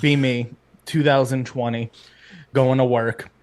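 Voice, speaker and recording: A man's voice: medium pitch, little pitch movement, unhurried, darkish tone. A man from Brooklyn, a guest on a podcast, telling jokey stories in casual chat and laughing often. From New York City, Brooklyn.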